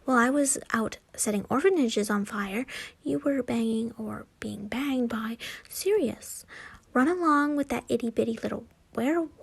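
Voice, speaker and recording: A woman voicing a cruel, mocking dark witch who taunts in a sing-song way. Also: a little high, normal speed, creaky, slightly rough. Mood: taunting.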